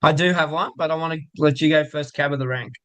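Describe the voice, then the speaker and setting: A man's voice: a little high, a bit bright, clean tone. Chatty man telling a long joke. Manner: chatty storyteller, drawn-out jokes. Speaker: co-host of a local football show. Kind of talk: casual banter and joke telling.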